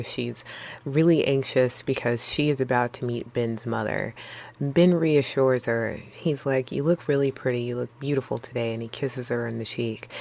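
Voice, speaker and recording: A woman's voice: a bass voice, gravelly. Chatty woman vlogger reviewing a movie. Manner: chatty and playful, slangy asides. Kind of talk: casual spoken movie review.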